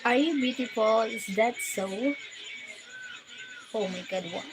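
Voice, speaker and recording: A woman's voice: a little high, measured pace, background noise. A woman from the Philippines hosting a casual live stream, who greets viewers by name and laughs often.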